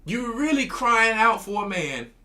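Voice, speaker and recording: High, bright-voiced scolding preacher man. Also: sing-song, a little slow. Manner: scolding, repeats words and restarts. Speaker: church elder commenting on clips. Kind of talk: preaching commentary.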